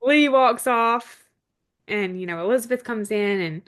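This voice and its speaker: A woman's voice: fairly high pitch, a little slow, fairly bright tone. Woman recapping scenes on a podcast. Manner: recaps scenes step by step, frequent yeahs. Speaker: podcast co-host. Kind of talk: casual TV episode recap.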